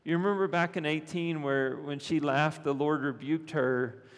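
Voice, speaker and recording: A man's voice: fairly high pitch, steady tone, moderate pace, in a large hall. A man preaching a sermon as pastor, earnest, often repeating phrases and checking in with the congregation.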